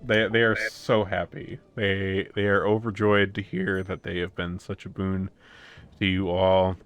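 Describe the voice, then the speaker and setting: A man narrating a tabletop game as game master, rambling with many pauses and restarts. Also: low voice, little pitch movement, a bit bright, clean tone.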